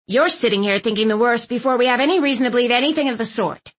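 A woman voicing a bossy elderly great-aunt with a deadpan, snappish, commanding manner in an audiobook. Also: fairly high pitch, fast, pitched above the performer's own voice, lightly acted. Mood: stern.

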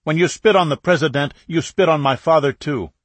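A man reading an audiobook, voicing a suspicious young medical student who talks curtly and defensively, pushing his voice higher and louder. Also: lively intonation, normal speed, slightly rough, no echo. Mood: hostile. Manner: curt, sharp, guarded.

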